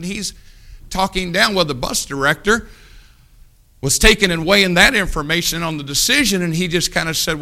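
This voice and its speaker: Gravelly bright-voiced preacher man. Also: fairly high pitch. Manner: folksy, swings from hushed storytelling to loud exhortation. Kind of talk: storytelling sermon.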